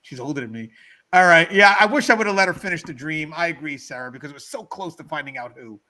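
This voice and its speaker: A middle-aged man hosting a livestreamed talk show, chatting casually and telling a story to his viewers in an animated way. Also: a little high, fast. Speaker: podcast host. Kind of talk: casual storytelling to a live chat.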